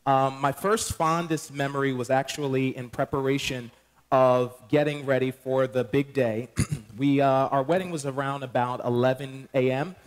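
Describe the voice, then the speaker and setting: A man's voice: medium pitch, steady tone, moderate pace. A man, a pastor, joking with his congregation as he tells wedding stories at the start of a sermon in church. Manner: playful, joking, addresses the congregation. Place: church sanctuary.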